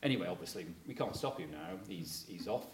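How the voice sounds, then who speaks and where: A man's voice: low voice, animated, a little fast. A middle-aged man spins a meandering anecdote for a room full of listeners, his voice rising and dipping a lot as he chuckles along. The talk echoes around a hard room, with a faint hiss underneath. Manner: rambling and chatty, full of fillers like "you know, kind of thing"; chuckles while telling stories. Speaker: speaker addressing a local audience. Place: room with a live audience.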